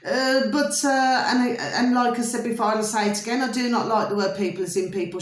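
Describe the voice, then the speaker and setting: A woman's voice: fairly high pitch, brisk, few pauses. Theatrical rambling British woman, roomy sound. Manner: theatrical, repetitive, calls viewers pet names. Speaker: vlogger. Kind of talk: rambling storytelling monologue to viewers. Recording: roomy echo.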